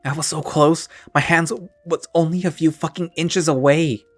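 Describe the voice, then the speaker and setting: A man's voice: medium pitch, animated, normal speed, no echo, soft background music, natural voice. A man voicing a grown male friend who is crying, his voice shaky and cracking as he pleads, in a one-man audio drama. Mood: sobbing. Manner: pleading, choked-up. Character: tearful grown man, a loyal old friend.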